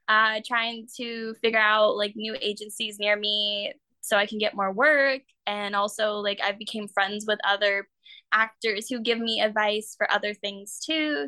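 Talk casually as a young woman guest, bright tone, lots of "like", a dry close mic. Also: no echo. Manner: chatty, full of "like" fillers, acts out quotes in high voices. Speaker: guest, actor and artist.

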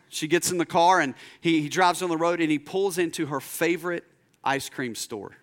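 Here a young man, serving as pastor, preaches by recounting a story and impersonating the people in it. For emphasis he goes low and slow, and his voice has a slight brightness.

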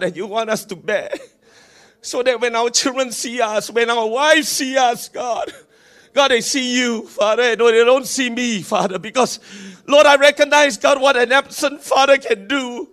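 A man leading a congregation in fervent prayer, repeating invocations and rising to shouts. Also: very high voice. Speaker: pastor. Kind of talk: sermon prayer.

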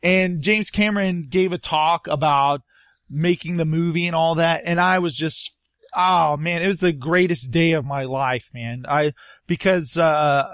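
A man hosting a casual talk show, taking calls and rambling excitedly through stories. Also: a little high, no echo, clean studio sound. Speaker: show host. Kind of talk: casual podcast chat.

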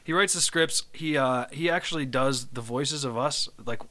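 A man's voice: medium pitch, moderate pace, bright, forceful tone. A man co-hosting a podcast, riffing in a casual, goofy way and playing absurd bits for laughs. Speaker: podcast co-host.

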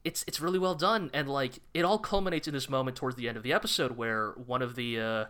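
Animated, bright-voiced male podcast host. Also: medium pitch, clear, resonant tone. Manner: animated, impassioned, quick restarts. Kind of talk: casual chat reviewing anime.

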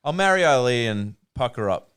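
A man's voice: mid-range voice, expressive, fairly quick, very noisy. A young man, chatting casually on a podcast, swearing freely and laughing often. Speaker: podcast co-host.

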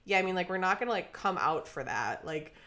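A woman's voice: fairly low pitch, fairly quick, a crowd in the background. A young woman from Minnesota, co-hosting a podcast, tells a long story in casual chat, acting out everyone's lines and saying "like" constantly. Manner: animated, acts out quotes, says "like" constantly. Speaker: podcast co-host.

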